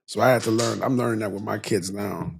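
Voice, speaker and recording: A man chatting casually as a podcast co-host, telling a lively story and mimicking others, often laughing. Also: on the low side, brisk, creaky, a little hiss or hum. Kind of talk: casual chat.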